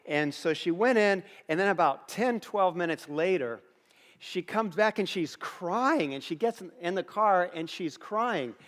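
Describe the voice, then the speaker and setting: A man's voice: high-pitched, lively intonation, measured pace, fairly bright tone. A middle-aged man preaching a sermon as a pastor, earnest, telling stories and repeating phrases for emphasis. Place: church auditorium. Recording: long hall reverb.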